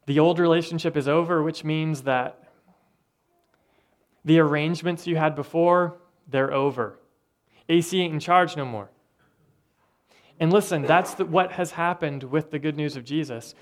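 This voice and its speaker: A man preaching a sermon with earnest, conversational delivery and thoughtful pauses. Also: on the high side. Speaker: pastor.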